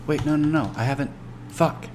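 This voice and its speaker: A man streaming a video game and thinking out loud in casual chat, swearing often. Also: a little high, normal speed, slight background noise.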